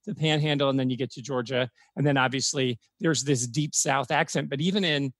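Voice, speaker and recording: A man from Florida, a podcast guest, talking at length in animated casual chat. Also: mid-range voice, a little fast, no room sound. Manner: talkative, animated storytelling.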